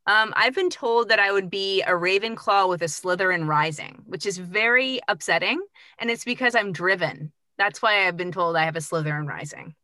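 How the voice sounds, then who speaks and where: A woman's voice: medium pitch, normal speed, sharp tone, no echo, studio quality. A woman hosting a podcast, chatting casually and asking her guests curious questions. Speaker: podcast host. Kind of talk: casual chat.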